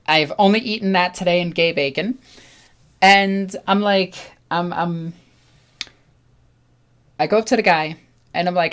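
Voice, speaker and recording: A young woman hosting her own channel, chatting casually and telling a story, acting out other people's lines with lively energy. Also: lowish voice, unhurried, long pauses, smooth. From New York. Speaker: channel host.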